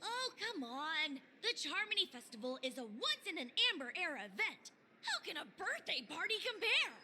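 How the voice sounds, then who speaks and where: A woman's voice: very high voice, very animated, moderate pace, pushed and bright, a little hiss or hum, full character voice. A woman voicing an eager, bubbly young festival tourist in a game dub.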